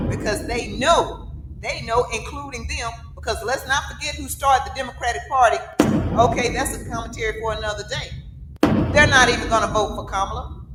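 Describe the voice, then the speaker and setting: Emphatic Southern woman, echoey room. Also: fairly high pitch. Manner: emphatic, punctuates points with rhetorical "okay?" and "right?". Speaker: political commentator. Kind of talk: opinionated political commentary. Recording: echoey room with loud background music.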